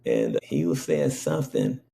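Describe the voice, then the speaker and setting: A man with an extremely deep, heavily gravelly voice tells a personal story in a casual, rambling way. He speaks slowly and keeps checking in with his listener. His pitch swings widely even though the voice stays low. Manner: rambling, frequently checks in with "okay?".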